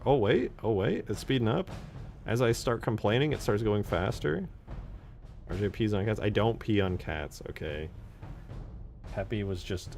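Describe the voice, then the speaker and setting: A man's voice: sits low, creaky, darkish tone. A young man hosting a game modding channel, chatting casually and rambling with lots of fillers and frequent laughs. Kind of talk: casual chat while modding.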